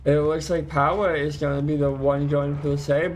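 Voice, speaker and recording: Man, esports play-by-play caster, slightly high voice, chatty, self-correcting, faint room hum. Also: level tone, moderate pace. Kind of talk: live play-by-play game commentary.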